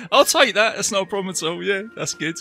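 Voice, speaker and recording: Bright-voiced Englishman chatting films. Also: high-pitched, creaky. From England. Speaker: podcast host. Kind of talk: casual chat.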